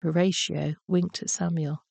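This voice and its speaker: A woman narrating a children's bedtime story in a gentle, measured way. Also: on the low side, level tone, vocal fry, dry recording.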